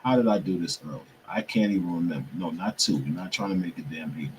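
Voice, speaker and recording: A man's voice: low-pitched, quick pace, darkish tone, a little hiss or hum, low-quality recording. A young man hosting a show, talking casually to viewers while he struggles with his computer, muttering and swearing to himself in frustration. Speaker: podcast host.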